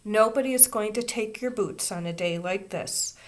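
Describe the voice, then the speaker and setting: A woman's voice: mid-range voice, normal speed, close to an everyday voice. Woman reading as a kind, firm kindergarten teacher. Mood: gentle. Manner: sympathetic but firm.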